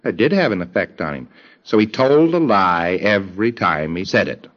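A man giving a recorded lecture in a deliberate way, acting out bits of dialogue in quoted voices. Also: deep voice, lively intonation. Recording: dull lo-fi old tape.

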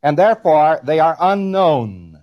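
A man's voice: on the high side, big pitch swings, measured pace, highs cut off. A man delivering an informal spoken lecture in a conversational, wry manner, now and then acting out short quotes.

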